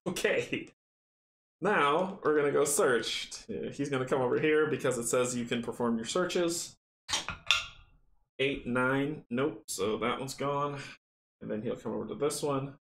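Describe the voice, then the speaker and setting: Chatty man running a board game. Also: mid-range voice. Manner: chatty, counts dice rolls aloud, excitable. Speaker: tabletop game runner and player. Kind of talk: casual board game playthrough. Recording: roomy echo, faint noise.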